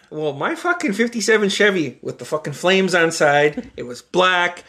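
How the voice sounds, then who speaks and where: A man with a bright, forceful, slightly high voice tells a rowdy childhood story on a casual podcast. He swears freely and acts out the lines of everyone in the story. His telling is animated and loose. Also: moderate pace, hardly any pauses. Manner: animated, profane storytelling with acted quotes. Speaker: podcast host.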